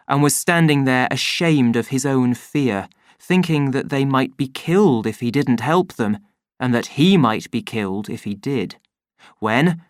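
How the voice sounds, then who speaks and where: A man reading an audiobook as narrator, slow and expressive. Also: medium pitch, dry recording, studio quality.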